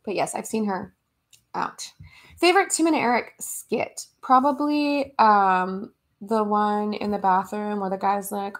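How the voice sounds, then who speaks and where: At home in Los Angeles, a young American woman runs a laid-back livestream, giggling between replies as she reads viewer comments aloud. She talks at medium pitch and a little slowly.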